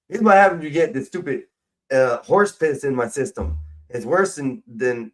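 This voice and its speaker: A middle-aged American man rambles through a casual, profane rant as a live stream host. His voice sits in a middle pitch and keeps swinging from loud, pushed bursts down to low, trailing mumbles. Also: animated, a little fast, poor audio. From United States.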